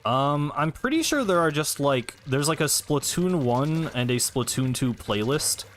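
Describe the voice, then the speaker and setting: A man's voice: a little high, animated, measured pace, a bit bright. Laid-back man chatting while gaming. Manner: rambling, hesitant, answers chat between plays. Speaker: streamer. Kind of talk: casual gameplay stream chat.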